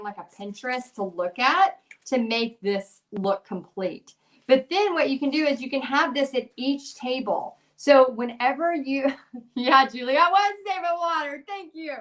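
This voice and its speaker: A middle-aged woman hosts a casual craft demo. She talks in a chatty, rambling way, full of giggles and fillers, in a voice a little higher than most. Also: a bit bright. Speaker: craft channel host.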